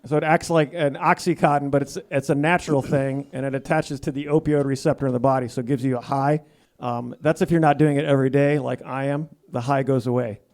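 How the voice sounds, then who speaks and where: A man's voice: medium pitch, steady tone, fairly quick, darkish tone. A man from the United States, a guest comedian on a radio talk show, rambling loosely in casual comedy banter and mocking himself. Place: radio studio.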